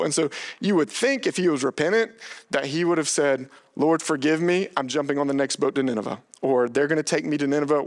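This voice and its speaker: A man preaching a sermon on a biblical book, explaining the text and acting out the characters' lines with lively energy. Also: on the high side. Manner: animated, acts out the dialogue of the biblical characters. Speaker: pastor.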